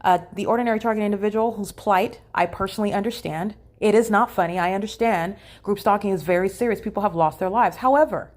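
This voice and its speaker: A woman's voice: mid-range voice, quick pace, few pauses. A woman recording a solo vlog monologue in a hotel room, talking emphatically with many "uh" fillers and repeated phrases. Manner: emphatic and repetitive, with frequent fillers. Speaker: vlogger documenting her day. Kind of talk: solo spoken monologue to camera.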